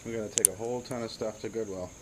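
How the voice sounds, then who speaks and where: Laid-back low male voice over crickets. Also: steady tone, rapid-fire, background noise. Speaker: podcast co-host, musician. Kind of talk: casual phone chat.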